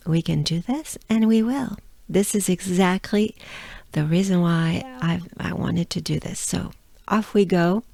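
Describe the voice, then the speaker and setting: A woman's voice: fairly low pitch, gravelly, a little mellow, no room sound. A woman from France with a French accent, teaching pronunciation patiently and repeating sounds for practice. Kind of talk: friendly pronunciation lesson.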